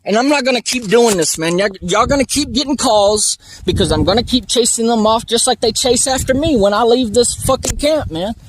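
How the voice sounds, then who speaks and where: A man's voice: very high-pitched, fairly quick, few pauses, a little hiss or hum. A man at a remote outdoor camp arguing heatedly with a deputy, rambling, swearing and stammering over his words, filmed on a handheld phone. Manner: agitated, rambling, profane, stammers and repeats words. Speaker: vlogger filming a police encounter. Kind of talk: heated confrontation.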